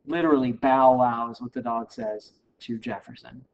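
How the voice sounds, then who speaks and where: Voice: mid-range voice, fairly even intonation, fairly quick, gravelly, background noise. A history lecturer giving a recorded class lecture in a casual, wry, joking way, in a dull lo-fi recording.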